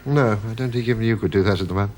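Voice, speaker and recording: An actor playing a tired, polite government official exasperated by a family quarrel. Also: male voice, fairly low pitch, rapid-fire, a little mellow, close to an everyday voice. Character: weary, upright naval civil servant.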